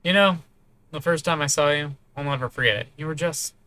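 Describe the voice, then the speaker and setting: A man's voice: fairly high pitch, fairly quick, pushed and bright, no room sound. A man voicing a hesitant, defensive young man who placates and dodges. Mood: placating.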